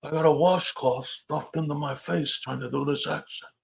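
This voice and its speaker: A man's voice: on the high side, fairly even intonation, normal speed, creaky, a little hiss or hum, voice pushed up, poor audio. A man doing mocking put-on accents as a gangster-movie figure, heckling a character.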